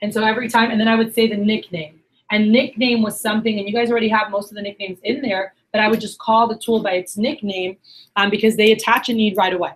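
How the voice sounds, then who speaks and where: A woman's voice: mid-range voice, flat delivery, fast talker, low-quality recording. A young woman leading a sales workshop. She talks chattily with lots of energy, quizzes the room, and acts out customer reactions. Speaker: sales trainer. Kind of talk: workshop teaching talk. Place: meeting room, in front of a group.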